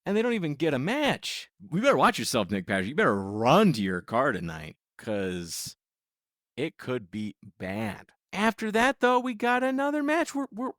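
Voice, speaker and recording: A man's voice: high-pitched, a bit bright, no room sound, clean studio sound. A man co-hosting a casual wrestling podcast, joking and playful. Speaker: podcast co-host. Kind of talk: casual chat recapping wrestling.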